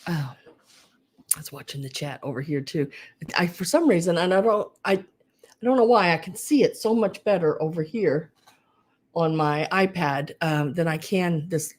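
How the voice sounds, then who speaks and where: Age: adult. Sex: woman. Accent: Southern US. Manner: chatty, rambling. Pitch: lowish. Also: normal speed, darkish tone. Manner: rambling and chatty, greets viewers by name. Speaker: host of a live vintage sale stream. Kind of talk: casual livestream chat.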